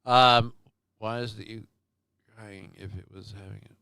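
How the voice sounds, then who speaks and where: A man's voice: fairly low pitch, fairly even intonation, measured pace, vocal fry, pushed and bright, clean tone, dry recording, studio quality. A man co-hosting a casual stream, joking crudely and swearing often, with a voice that tends to crack. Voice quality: voice prone to cracking. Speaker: stream co-host. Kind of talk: casual chat.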